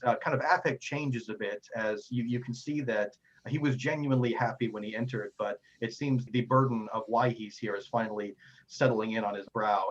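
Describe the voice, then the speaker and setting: A man narrating a tabletop game as game master, describing scenes at length with frequent fillers, in a slightly muffled recording. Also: medium pitch.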